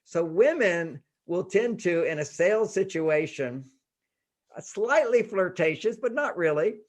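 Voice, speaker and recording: Lively, slightly high-voiced man explaining. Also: unhurried. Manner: animated, laughing, acts out quoted speech. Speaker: guest, relationship author. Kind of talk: casual interview talk.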